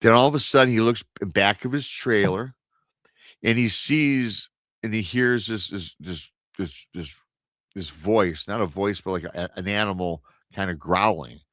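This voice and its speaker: A low-pitched man spins a creepy encounter tale in an easy, chatty way, jumping into the voices of the people in it and tripping over his own restarts. His voice sits close and dry on the mic, with no room sound around it. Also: normal speed, few pauses, no echo. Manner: animated storyteller, acts out quoted voices, many restarts. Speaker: guest storyteller on a paranormal radio show. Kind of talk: casual retelling of an encounter story.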